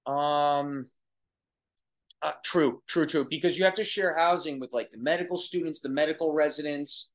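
A young man with a Long Island New York accent, an oral surgery resident answering viewer questions in a casual livestream from his apartment, excitable and chatty, often restarting and trailing off. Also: fairly high pitch, normal speed. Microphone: phone or webcam livestream.

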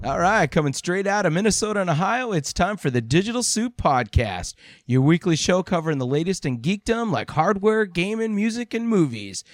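A man hosting a podcast, animated and jokey, laughing often as he chats. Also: sits high, fairly quick. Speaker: podcast host. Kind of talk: casual podcast banter.

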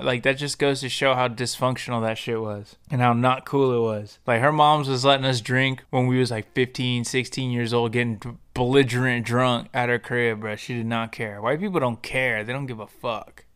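A young man tells a personal story on his podcast in a loose, rambling monologue full of slang and swearing. His voice sits at an ordinary male pitch and sounds smooth and clear. He trips over his words and starts sentences again. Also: fairly bright tone. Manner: profane, slangy, rambling with restarts. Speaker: podcast host.

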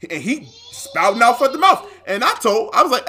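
A young man co-hosting a podcast, telling a story in a casual, animated way, swearing freely and acting out what people said. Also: very high-pitched, moderate pace. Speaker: podcast co-host.

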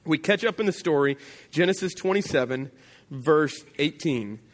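Conversational preacher in an echoing church. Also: male voice, animated, normal speed. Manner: conversational, storytelling, drops low and quiet for emphasis. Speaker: pastor. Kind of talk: sermon.

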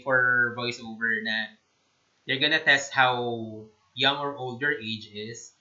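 Bright-voiced Filipino man chatting casually. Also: medium pitch, steady tone, slow pace. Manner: thoughtful, mixes English with Tagalog. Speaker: guest. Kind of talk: casual chat. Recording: slightly muffled lo-fi audio.

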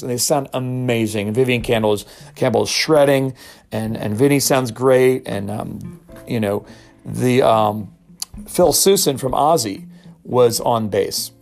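Animated male storyteller, faint music behind. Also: medium pitch. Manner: animated, acts out quotes in raised voices. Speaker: podcast host. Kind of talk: casual storytelling monologue.

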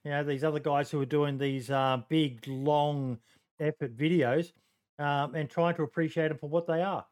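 Australian man, podcast host, clear resonant voice, halting, joking. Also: on the high side, fairly even intonation, a little mellow. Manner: hesitant, lots of ums, joking. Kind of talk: casual podcast chat.

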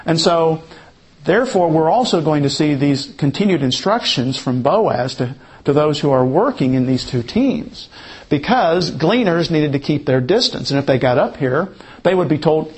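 A man's voice: a little high, animated, moderate pace, breathy edge. A man teaching verse by verse through a Bible passage, explaining a drawing as he goes, with frequent restarts and fillers.

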